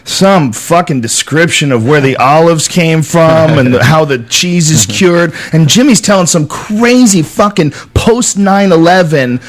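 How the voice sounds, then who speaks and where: A man's voice: on the high side, expressive, a little slow, few pauses. A man in his forties hosting a podcast, blunt, emphatic and profane in casual chat. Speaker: podcast host.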